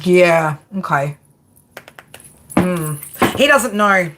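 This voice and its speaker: A tarot reader does a live reading in a brash, chatty style, cursing freely and calling her viewer "girl" and "baby." Her voice is fairly low and expressive with drawn-out words, and there's noise in the background.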